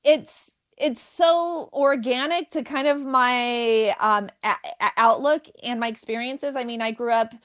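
Woman, stutters, lively interview guest, slightly high voice, laughs a lot. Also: measured pace, hardly any pauses. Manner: stutters, with repeated sounds; animated, laughs often. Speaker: comedian. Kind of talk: candid interview answers.

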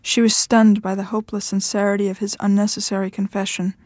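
Woman, reading fiction aloud, measured, mid-pitched, dry sound. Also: flat delivery, a little mellow, dry recording. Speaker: author reading her story.

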